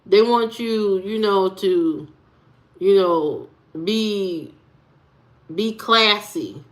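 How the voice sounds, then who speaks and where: Woman streamer, slow unhurried delivery, questions her chat bluntly. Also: mid-range voice, lively intonation. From United States. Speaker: livestream host. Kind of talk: casual livestream chat.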